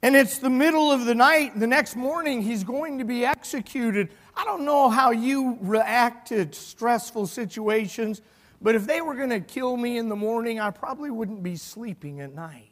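A male pastor preaching a sermon, retelling a story with animated swings between loud and hushed delivery. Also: very high voice, normal speed. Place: church sanctuary. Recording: long hall reverb.

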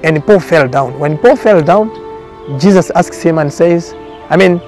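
A man with a slightly higher voice gives his testimony in a documentary interview. He speaks earnestly, in a repetitive preaching cadence. Soft music plays faintly underneath. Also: unhurried. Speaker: prophet.

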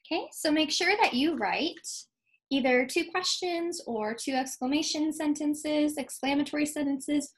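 Patient teacher woman, higher voice. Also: poor audio. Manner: patient, clear, slows to stress key words. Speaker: second grade teacher. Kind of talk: recorded classroom lesson.

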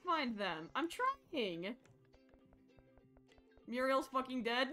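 A woman's voice: a little high, a little slow, faint music behind. A young woman streaming a horror game, chattering jokingly to herself and shrieking and laughing when something startles her. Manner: excitable, shrieks and laughs when startled, jokey self-talk. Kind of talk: live horror game commentary.

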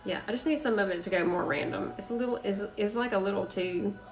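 A woman's voice: medium pitch, fast, creaky, far from the mic, low-quality recording. Bubbly woman crafting live. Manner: bubbly, says "y'all" and "freaking" a lot. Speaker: craft live-stream host. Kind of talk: chatty live-stream crafting demo. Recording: voice a bit off-mic, faint music behind.

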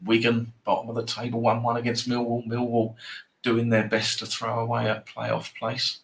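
A man's voice: medium pitch, monotone, normal speed, creaky, fairly bright tone. A man hosting a live football trading stream, chatting casually and bantering with viewers in a rambling way.

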